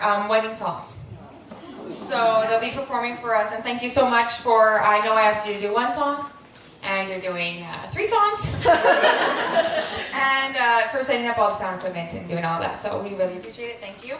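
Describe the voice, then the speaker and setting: A young adult woman giving a heartfelt wedding thank-you speech, with frequent ums and small laughs. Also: on the high side. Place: large wedding reception hall with guests. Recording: very echoey, distant, noisy crowd. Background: murmuring wedding guests.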